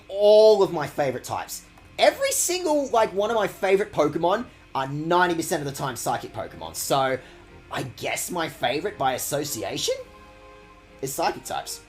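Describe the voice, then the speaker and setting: A man talks over a game he is streaming, rambling and sarcastic, with jokey outbursts of mock outrage. His pitch swings widely from line to line, and faint music plays underneath. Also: big pitch swings, moderate pace. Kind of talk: sarcastic let's-play commentary.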